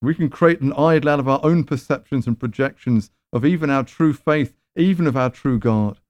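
A man's voice: mid-range voice, moderate pace, a little mellow, dry recording. A man preaching a sermon in a conversational, emphatic way, with rhetorical questions.

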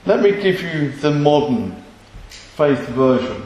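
A man's voice: fairly high pitch, big pitch swings, takes it slowly, a little mellow, heavy reverb, dull audio, a little hiss or hum. A man preaching a sermon, emphatic and full of rhetorical questions.

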